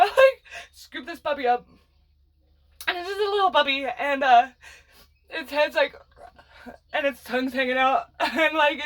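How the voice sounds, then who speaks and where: A woman vlogger telling a personal story in a casual, dramatic, rambling way, swearing freely and laughing as she goes. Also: high-pitched.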